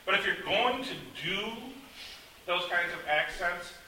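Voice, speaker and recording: A man's voice: sits high, animated, measured pace. A male author in a casual panel chat, rambling and self-deprecating, with many restarts. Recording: echoey room, distant mic, faint hiss.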